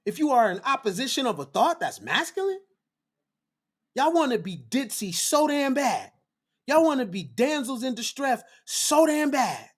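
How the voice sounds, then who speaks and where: Male livestream host, preachy and fiery, lively swooping pitch, repeats lines for emphasis. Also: moderate pace.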